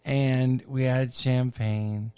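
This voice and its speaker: A middle-aged man telling a long personal story on a podcast, campy and chatty with unhurried asides. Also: medium pitch, fairly even intonation, a little mellow, smooth, dry recording. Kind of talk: casual storytelling.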